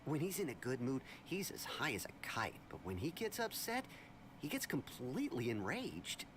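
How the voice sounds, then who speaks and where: A calm, politely reserved townsman speaks in a measured, thoughtful way. His pitch still moves expressively. Clear noise sits under the game audio. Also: low-quality recording. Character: calm, reserved man who watches the city.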